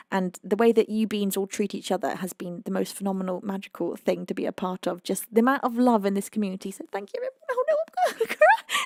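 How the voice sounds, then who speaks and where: A British woman streamer chokes up with emotion as she thanks her chat, laughing through near-tears. Her mid-range voice is recorded close and dry, with no room sound. She gushes warmly and trips over her words. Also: medium pitch, dry recording. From United Kingdom. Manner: tearful, gushing, laughs often. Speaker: livestream singer and host.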